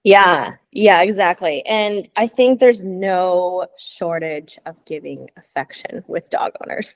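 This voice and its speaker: A young woman, a dog trainer co-hosting a podcast, talking casually with lots of fillers and acted-out quotes. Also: fairly low pitch. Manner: chatty, animated quoted voices, frequent "like" and "um".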